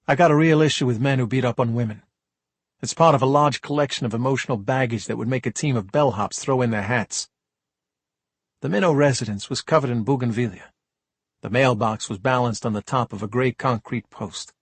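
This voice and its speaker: A man's voice: mid-range voice, fairly quick, slightly rough, no echo. A man reading an audiobook in a dry, wry first-person storytelling manner. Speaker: audiobook narrator. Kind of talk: scripted narration.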